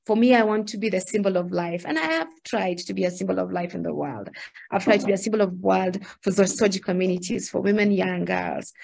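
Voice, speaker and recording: Earnest woman with a gravelly voice. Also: medium pitch, brisk, a little mellow. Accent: Kenyan. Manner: earnest, emphatic, repeats words for stress. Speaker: guest. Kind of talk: reflective interview talk.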